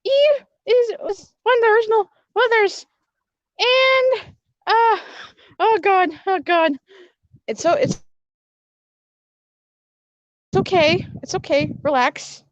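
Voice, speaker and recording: A woman's voice: very high voice, unhurried, no room sound, muffled recording, voice pushed up. A woman voicing a nervous, sassy young princess mascot who squeals, whimpers and keeps apologizing in a comedic skit. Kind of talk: comedic skit with a put-on character.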